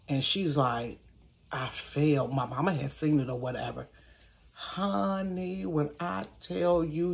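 A woman telling a family story to her viewers from her bedroom, animated, laughing, and calling them y'all and honey. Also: fairly low pitch. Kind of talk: casual storytime.

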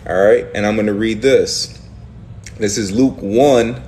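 A man leading a lively Bible study discussion, speaking emphatically and casually, reading verses aloud and acting out the prophets' words. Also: lowish voice, measured pace, a little hiss or hum.

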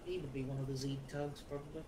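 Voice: mid-range voice, steady tone, fast talker, warm tone. Dry, hesitant gamer in an echoey room. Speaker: friend on a game stream. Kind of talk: casual gaming banter.

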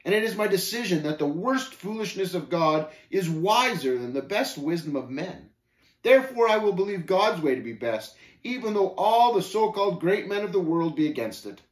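A man's voice: sits high, sing-song, normal speed, echoey room, pitched above the performer's own voice. A man voicing a bold, devout male pilgrim who speaks firmly and quotes scripture. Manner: bold, firm, scripture-quoting declamation.

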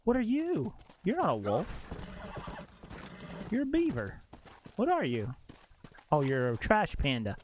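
A young man streaming a game live, reacting out loud, exclaiming and swearing as he talks to his chat. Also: fairly high pitch, wildly swooping pitch, moderate pace, background noise. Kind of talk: live gameplay commentary.

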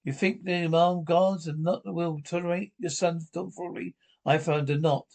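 A man's voice: a little high, fairly even intonation, moderate pace, gravelly, a little mellow, poor audio. A man reading a drama aloud, voicing the lines and the sound cues himself. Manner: reads character lines in his own voice with stage cues. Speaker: audio description reader. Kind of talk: reading an audio-described drama with all the voices.

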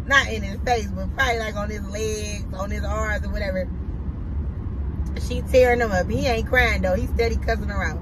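A woman, a mother and vlogger, telling a funny family story in a casual, slangy, animated way and reviewing food. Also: medium pitch, normal speed, noisy background.

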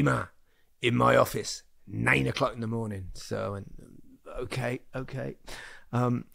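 A man hosting a football podcast, telling stories in a casual, animated way and laughing often. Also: medium pitch, no room sound, studio quality. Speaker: podcast host. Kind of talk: casual storytelling chat.

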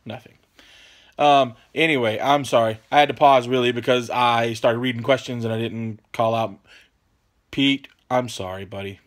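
A relaxed man with a drawl hosts a casual question-and-answer vlog. He rambles and trails off, keeps saying "man," and apologizes a lot. His voice sits in an ordinary middle register. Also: medium pitch, moderate pace. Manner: laid-back, rambling, apologetic, peppers talk with "man". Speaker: channel host answering viewer questions.

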